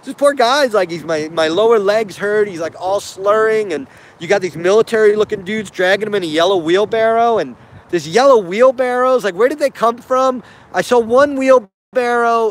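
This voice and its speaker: A man giving casual spoken commentary on video footage, hesitant and puzzled, often repeating himself. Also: high-pitched.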